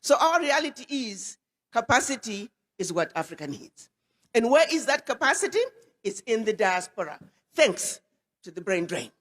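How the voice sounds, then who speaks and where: Woman ambassador, high voice, emphatic public address in a reverberant hall. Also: sing-song, moderate pace, a bit bright. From Ghana. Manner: emphatic, repeats words for weight. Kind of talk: public speech to an audience.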